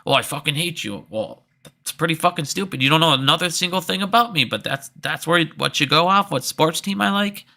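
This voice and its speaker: A man's voice: a little high, a little fast, creaky, pushed and bright. A young man hosting a stock trading channel, talking in a profane, rambling, heated casual monologue to his viewers.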